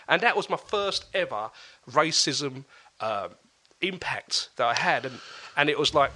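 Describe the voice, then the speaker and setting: A man tells a story on a podcast with bright, forceful energy. He talks in a casual, animated way and acts out the voices of the people in his tale. His pitch sits in an ordinary middle range. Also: unhurried. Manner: animated, acts out quoted voices, laughs often. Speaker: podcast guest.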